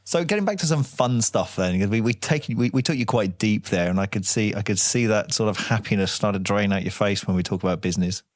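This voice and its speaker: A man's voice: on the low side, brisk, hardly any pauses, no room sound, clean studio sound. A man hosting a podcast, asking friendly, leading questions. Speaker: podcast host. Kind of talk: casual podcast interview.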